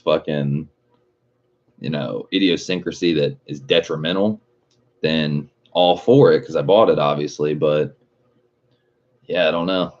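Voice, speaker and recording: Heard through dull lo-fi stream audio, this man has an extremely low voice and talks at a measured pace with long pauses. Hosting a casual livestream, he rambles, chuckles a lot and swears nonstop.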